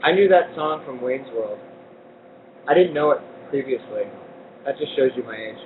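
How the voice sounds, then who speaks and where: A man's voice: expressive, moderate pace. A man hosting a live cooking show in a community kitchen, joking and laughing as he talks. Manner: playful, jokey, laughs often. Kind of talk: casual live cooking chat. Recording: lo-fi phone-like livestream audio with faint rumble.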